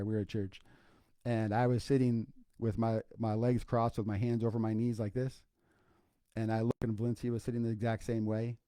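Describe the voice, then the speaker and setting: A man's voice: lowish voice, warm tone, dry recording. A middle-aged man hosting a faith podcast, telling a personal story in a casual, folksy way with lots of asides. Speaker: podcast host.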